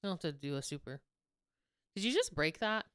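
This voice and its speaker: A young woman co-hosting a podcast in casual chat, animated and laughing often. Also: sits low, brisk, clean tone, no echo, clean studio sound. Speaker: podcast co-host.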